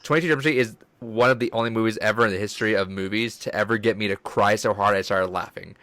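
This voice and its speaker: A man's voice: fairly low pitch, fairly even intonation, fast, fairly bright tone, no echo. A man co-hosting a casual gaming podcast, talking with rambling enthusiasm and swearing freely. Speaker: podcast co-host.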